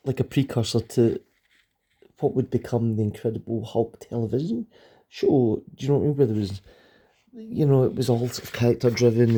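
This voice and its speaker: A man's voice: on the low side, dark tone. A middle-aged man reviewing an old comic book in a casual vlog, rambling and enthusiastic, with lots of ums and restarts.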